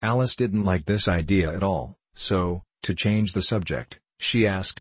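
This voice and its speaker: A man narrating a storybook in a measured, even audiobook reading. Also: sits low, breathy edge, dry recording.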